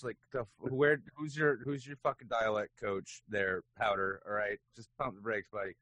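A man co-hosting a podcast in casual chat, ranting with animated, profane bursts that sometimes break into shouting. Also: fairly low pitch, normal speed, hardly any pauses, no room sound. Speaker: podcast co-host.

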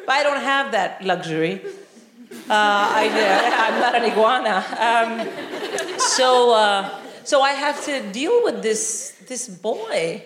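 A middle-aged woman from India doing animated live stand-up comedy, often shouting and mimicking voices. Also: a little high, takes it slowly, noisy background. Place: large live venue with audience. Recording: echoey hall, loud crowd laughter.

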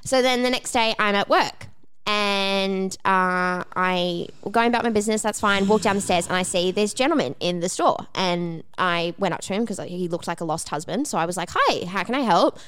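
A woman co-hosting a podcast, telling a story in casual chat, animated and acting out the lines she quotes, with some swearing. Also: medium pitch, normal speed, clear, resonant tone. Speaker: podcast co-host.

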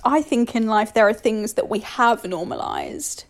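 A young woman co-hosts a podcast, playful and quick to laugh. Her voice sits high. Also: expressive. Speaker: podcast co-host. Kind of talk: casual chat.

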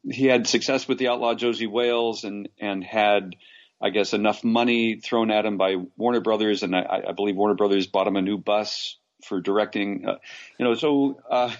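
A man from Los Angeles, an actor, telling stories in a casual interview, rambling with restarts and animated asides. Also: medium pitch, dull audio. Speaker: actor guest.

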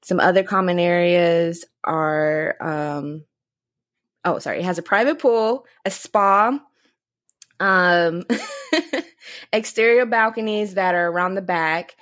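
A woman's voice: fairly low pitch, slow pace, long pauses, a bit bright, no room sound, clean studio sound. A woman in her thirties hosting a podcast in casual chat, loose and chatty, often laughing. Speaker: podcast host.

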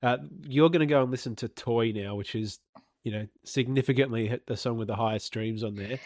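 A man co-hosting a music podcast with relaxed, teasing banter. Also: medium pitch, fairly quick, no room sound, studio quality. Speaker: podcast co-host. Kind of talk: casual music podcast chat.

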